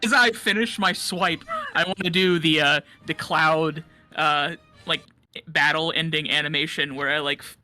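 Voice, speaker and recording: A man's voice: fairly high pitch, fairly even intonation, normal speed, bright, forceful tone. A young man playing a tabletop game, hesitant and full of ums, often laughing. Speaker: player.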